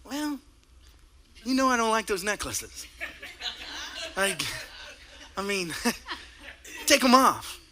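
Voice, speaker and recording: A man's voice: high-pitched, big pitch swings, slow pace, pauses often, crowd noise, voice pushed down, exaggerated voice. A man doing his wife's hesitant, tactful voice. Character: wife gently criticizing her husband's outfit, woman.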